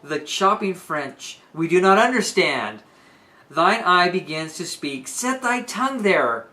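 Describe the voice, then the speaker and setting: A woman's voice: on the low side, lively intonation, takes it slowly, bright, forceful tone, full character voice. A woman voicing a noblewoman who begs a king for pardon, reciting the verse with earnest emphasis. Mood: pleading. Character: pleading noblewoman mother begging a king. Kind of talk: dramatic reading of verse.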